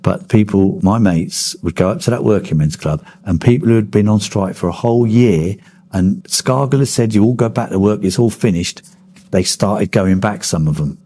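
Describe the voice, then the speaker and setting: Blunt man with a husky voice. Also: on the low side, normal speed, warm tone. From Kent, England. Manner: blunt storytelling, swears freely. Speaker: interviewee, former miner. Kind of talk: oral history interview.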